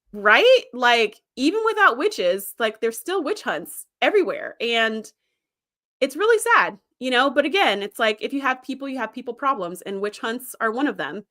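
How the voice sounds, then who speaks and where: A woman with a slightly high voice hosts a casual livestream. She talks in a chatty, animated way, full of fillers and quick asides. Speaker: host.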